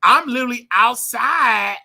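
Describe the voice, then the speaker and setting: Laughing, animated man host. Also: very high voice, unhurried. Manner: animated, slangy, laughs often. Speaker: show host. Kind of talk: live call-in show chat.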